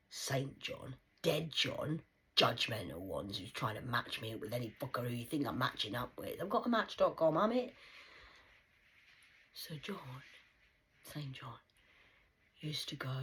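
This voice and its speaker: A woman delivering a rambling, profane monologue as a medium channelling spirit messages, swinging between loud outbursts and hushed whispers. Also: very deep voice, slight background noise. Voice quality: very husky, breathy voice.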